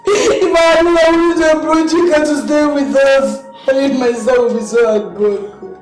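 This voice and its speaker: An actress playing a tearful wife and aunt who sobs and pleads, with a Nigerian accent. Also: female voice, high-pitched, steady tone, a little slow. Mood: pleading. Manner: sobbing, pleading. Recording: echoey room with loud music.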